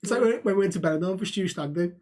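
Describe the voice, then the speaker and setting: A man's voice: sits high, racing, darkish tone. A man, co-hosting a podcast and telling sweary, laughing anecdotes in casual banter. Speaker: podcast co-host.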